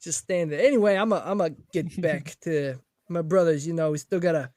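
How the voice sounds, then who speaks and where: A man's voice: a little high, brisk, a little mellow, dry recording, studio quality, lightly acted. A man voicing a pushy male merchant with an overplayed Boston accent and cocky street-tough patter. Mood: brash. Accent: exaggerated Boston.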